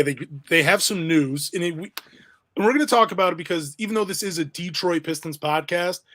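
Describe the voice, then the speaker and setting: A man's voice: fairly high pitch, a bit bright. A man hosting a casual sports podcast, chatty and full of questions for his co-host. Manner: chatty, asks questions, self-deprecating.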